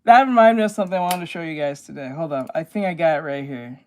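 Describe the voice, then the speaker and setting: A man with a naturally high-pitched voice, streaming and chatting casually, loose and full of fillers and swearing. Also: fast. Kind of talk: casual live-stream chat.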